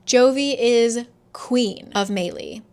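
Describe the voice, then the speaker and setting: A woman casually recapping a novel's plot, sarcastic and chatty, acting out the characters' lines with quick asides and the odd swear. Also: medium pitch. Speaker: book reviewer.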